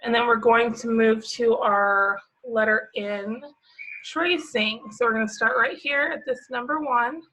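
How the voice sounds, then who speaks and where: Slow, bright-voiced preschool teacher woman. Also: on the high side, fairly even intonation, poor audio. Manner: slow, patient, sing-song and encouraging. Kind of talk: teaching a worksheet to young children.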